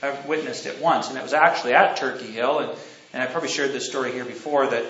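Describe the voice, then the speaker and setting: A man's voice: medium pitch, steady tone, fast, a bit bright, a little hiss or hum. A man preaching a sermon, rambling and correcting himself as he tells stories and asks the congregation questions. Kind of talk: sermon with anecdotes. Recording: roomy, dull lo-fi recording.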